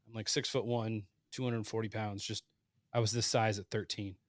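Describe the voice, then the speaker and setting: A man in his late thirties telling hunting stories casually on a podcast, animated and acting out the voices he quotes. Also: fairly low pitch, moderate pace, no room sound, clean studio sound. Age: 30s. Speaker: podcast guest, hunter. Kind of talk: casual storytelling.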